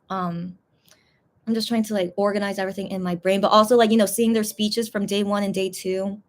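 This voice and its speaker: A young woman hosting a casual livestream, rambling and hesitant with many fillers, emotional and close to tears. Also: medium pitch. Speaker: livestream host reading fan messages.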